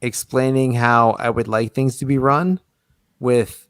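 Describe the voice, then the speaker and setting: A man's voice: medium pitch, steady tone, a little slow, fairly bright tone, clear, resonant tone, no echo. Rambling man on a dry close mic. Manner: rambling, many restarts and self-corrections. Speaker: podcast guest, small business owner. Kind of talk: casual chat.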